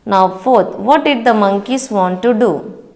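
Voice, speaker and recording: A woman's voice: medium pitch, a little slow, darkish tone. A woman teacher reading a story aloud to young children, rereading lines, explaining word meanings and chanting the sound words in a sing-song rhythm. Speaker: school teacher.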